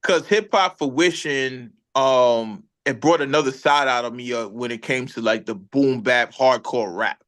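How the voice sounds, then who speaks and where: A man's voice: medium pitch, measured pace, hardly any pauses. A man from Brooklyn, a rapper telling a story in a casual interview and acting out what others said. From Brooklyn, New York. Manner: animated storyteller, acts out other people's lines. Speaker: rapper guest.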